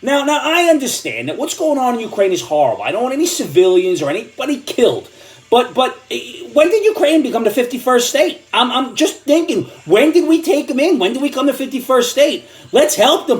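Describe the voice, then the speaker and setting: An older man delivering an angry, sarcastic comedic rant, often repeating words as he gets worked up. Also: high-pitched. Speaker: comedic commentator.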